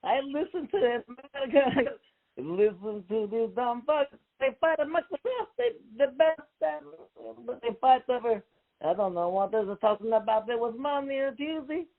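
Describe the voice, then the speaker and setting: A man's voice: extremely high pitch, expressive, normal speed, heavily acted. A man calling in as a brash, foul-mouthed Ukrainian émigré, speaking blunt, broken English in a put-on Ukrainian accent. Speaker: caller. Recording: tinny phone line.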